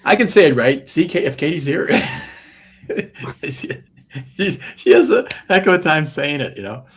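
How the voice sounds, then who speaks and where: A man with a husky voice co-hosts a casual livestream chat. His pitch moves around a lot as he jokes, and he breaks into laughter often. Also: measured pace. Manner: lively, jokey, laughs often. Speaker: co-host.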